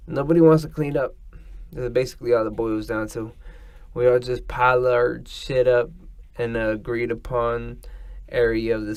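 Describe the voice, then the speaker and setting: A man's voice: on the low side, a little mellow, dry recording. A man hosting a casual solo podcast, rambling and swearing as he drifts between thoughts. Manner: rambling, profane, meandering. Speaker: podcast host.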